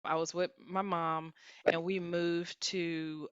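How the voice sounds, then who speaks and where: A woman's voice: on the low side, level tone, slow pace, clear, resonant tone, dry recording, muffled recording. A woman from Houston with a light Texan twang, a guest in an interview telling her story in a reflective, chatty way. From Houston, Texas. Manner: reflective, chatty, frequent "you know" and "like".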